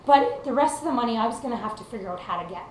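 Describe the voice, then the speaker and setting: A young Canadian country singer races along with lively intonation in a voice on the high side. Her motivational talk is sincere and conversational, thick with fillers, and captured in an echoey room with faint noise.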